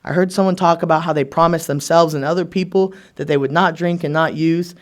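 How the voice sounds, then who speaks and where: A man in his thirties speaks to a meeting in a fairly high register. He tells his recovery story with wry, sarcastic humor. He acts out the lines of the people around him. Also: fairly even intonation, fairly quick.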